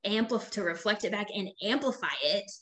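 Chatty mom, filler-heavy talk. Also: female voice, mid-range voice, brisk, pushed and bright. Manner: chatty, many "like" fillers, acts out quoted voices. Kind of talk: casual conversation.

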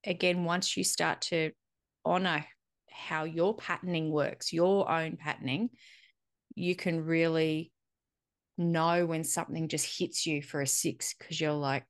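A middle-aged woman talks in a loose, candid way, swearing now and then and slipping into quoted dialogue. Her voice sits low with a gravelly fry. It is recorded close in a dry space. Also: steady tone, unhurried, dry recording. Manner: candid, reflective, swears casually, acts out dialogue. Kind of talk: casual conversational chat.

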